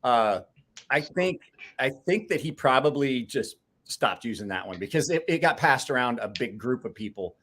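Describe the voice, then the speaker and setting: A man's voice: medium pitch, animated, normal speed, a bit bright. A man chatting casually as co-host, rambling and swearing as he tells stories. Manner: rambling, swearing, laughs often. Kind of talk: casual banter.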